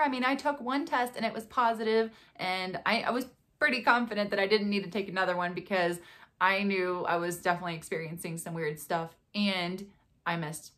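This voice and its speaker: A young woman vlogging in a casual, chatty way, animated and often laughing as she acts out quotes. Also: medium pitch. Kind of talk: casual chat to camera.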